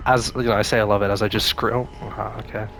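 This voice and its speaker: A man's voice: on the low side, flat delivery, fast talker, gravelly, a bit bright, a little hiss or hum. A man casually commenting on his own gameplay, rambling and talking to himself, with sudden scared outbursts. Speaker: gaming YouTuber. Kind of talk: casual let's-play commentary.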